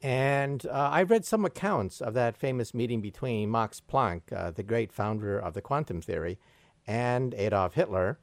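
A man interviews a guest, putting his questions with curiosity. His pitch moves a lot. The recording is dry and close. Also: animated, moderate pace, no room sound. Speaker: radio interviewer.

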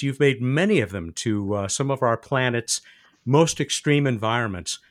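A man hosting a science radio interview, chatty and lively, with jokey asides. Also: a little high. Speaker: podcast host.

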